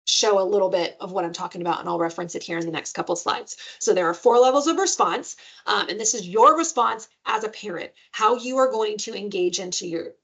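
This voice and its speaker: Woman giving a parenting webinar, chatty, lots of "right?" and "um", mid pitch. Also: creaky, a bit bright, slightly rough. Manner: conversational, frequent "right?" and "um"; jumps into playful high-pitched voices when giving examples. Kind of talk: webinar presentation.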